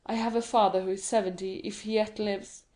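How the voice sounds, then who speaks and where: A desperate young male prisoner pleads with quiet, earnest urgency, read by a woman. The voice sits at a middle pitch with a dark, mellow tone. It is a storybook reading with no showy character work. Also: steady tone, a little fast, natural voice. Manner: earnest, imploring.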